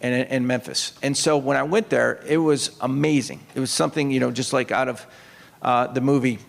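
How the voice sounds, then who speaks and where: A retired Navy officer and author tells rambling anecdotes on an opera house stage, restarting sentences and using quoted voices in a storytelling talk to an audience. His voice is medium-pitched, gravelly, and brisk, with fairly even intonation, and the recording has long hall reverb.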